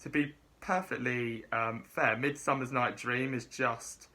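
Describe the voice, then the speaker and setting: A man giving a casual spoken TV review, halting with many fillers and restarts. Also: mid-range voice, steady tone, bright, forceful tone. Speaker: reality show reviewer.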